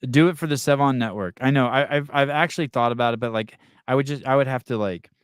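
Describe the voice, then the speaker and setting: A man's voice: mid-range voice, quick pace, clean tone. A man hosting a podcast, ranting in casual talk and swearing constantly. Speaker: podcast host. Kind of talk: profane casual podcast rant.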